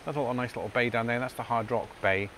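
A man's voice: mid-range voice, steady tone, quick pace, a bit bright, slight background noise. A man, chatting casually to viewers in a travel vlog. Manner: chatty, addresses viewers as folks. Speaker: travel vlogger.

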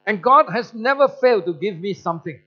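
High-voiced pastor preaching a sermon. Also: male voice, expressive, brisk, highs cut off. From Malaysia. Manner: storytelling, acts out quoted voices, frequent restarts.

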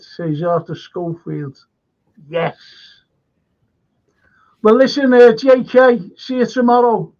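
High, slow man on a lo-fi stream. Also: expressive. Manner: reads comments aloud and chuckles at them. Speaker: live stream host reading viewer comments. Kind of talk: rambling casual chat and anecdotes. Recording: lo-fi stream audio.

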